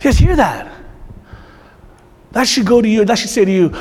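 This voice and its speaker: A pastor giving a conversational sermon, moving between lively asides and quiet, intense passages. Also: male voice, high-pitched, normal speed, long pauses, husky. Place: church hall. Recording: long reverb of a hall.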